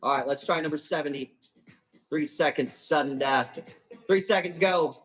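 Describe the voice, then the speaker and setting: A man hosting a live plant auction stream, chatting casually and calling quick countdowns, with a casual swear here and there. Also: on the high side, fairly bright tone, husky, soft background music, low-quality recording. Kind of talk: livestream sales chat.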